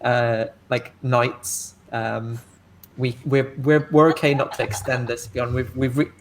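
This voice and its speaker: A man's voice: mid-range voice, flat delivery, measured pace, a little hiss or hum. A man from Wales with a strong Welsh accent, co-hosting a livestream, talking in a tired and rambling way. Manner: tired, rambling, stumbles over words. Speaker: guest co-host and interviewer. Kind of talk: casual livestream chat.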